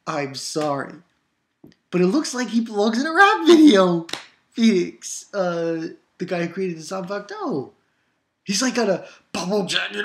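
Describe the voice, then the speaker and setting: A woman giving a casual, excitable manga review, laughing often and acting out lines. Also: medium pitch, unhurried.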